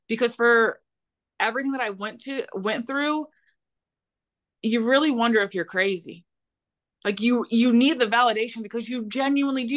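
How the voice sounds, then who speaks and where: A woman's voice: fairly high pitch, a bit bright. A young adult woman, a podcast guest, telling a painful personal story in a blunt, heated way with frequent swearing.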